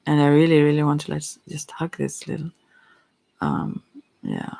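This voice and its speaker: A softspoken ASMR psychic with Swedish as a first language, giving a halting, hesitant chakra reading while teary-eyed. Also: medium pitch, very animated, vocal fry. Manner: halting, hesitant, with many fillers. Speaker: psychic card reader.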